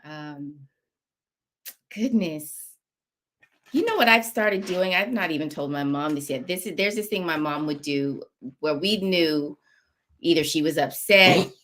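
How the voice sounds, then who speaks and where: A woman's voice: low voice, expressive, measured pace, long pauses. A woman pastor chatting as a guest, laughing easily as she teases about family. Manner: laughs easily, warm teasing about her mother. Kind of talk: casual chat.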